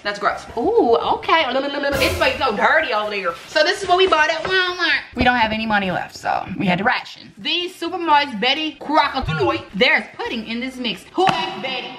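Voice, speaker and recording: A woman's voice: high voice, animated, moderate pace, few pauses, background noise. A young woman vlogging casually from her home kitchen, rambling and chatty, talking to her viewers as y'all. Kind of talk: casual chat. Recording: echoey room.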